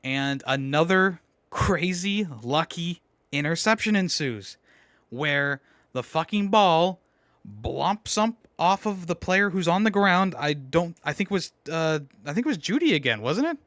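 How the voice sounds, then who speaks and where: Excitable fan ranting with a dry, close sound. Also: male voice, fairly high pitch, a little slow, no echo. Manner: animated, swearing, frustrated fan rants. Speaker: fan recapping a football game. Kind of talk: casual game recap.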